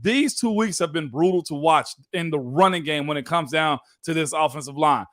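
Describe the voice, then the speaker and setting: A man's voice: on the high side, normal speed, a bit bright, no echo. A man co-hosting a sports talk show in a studio, an ex-player speaking emphatically in casual chat. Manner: emphatic, calls people man. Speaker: co-host, former football player.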